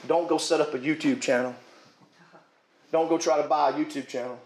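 A man preaching a sermon with fervour, rising to shouts at his peaks and chuckling between points. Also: on the high side, fairly even intonation, a little fast, roomy sound, slight background noise.

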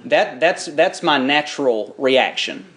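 A man preaching a sermon, shifting between folksy, chatty storytelling and drawn-out, rising emphasis on scripture. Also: a little high, lively intonation, a bit bright. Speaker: pastor.

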